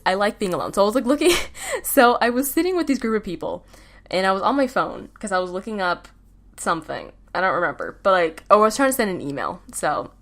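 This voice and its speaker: A teenage girl hosting her own podcast, chatting casually in a rambling way, full of "like" fillers and quick laughs. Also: mid-range voice. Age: teens. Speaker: podcast host. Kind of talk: casual solo chat. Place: home, with a baby babbling nearby.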